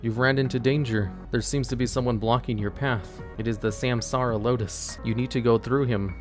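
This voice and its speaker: A man's voice: medium pitch, fairly even intonation, fairly quick, soft background music. A man running a tabletop-style adventure as game master, narrating in a casual, joking, offhand way and talking to his chat.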